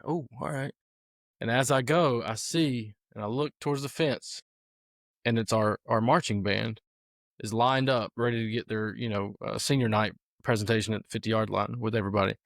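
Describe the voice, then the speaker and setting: A man's voice: medium pitch, creaky, no room sound, clean studio sound. A man, a football coach hosting a podcast, telling stories in a casual, rambling way with many fillers. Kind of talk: casual storytelling chat.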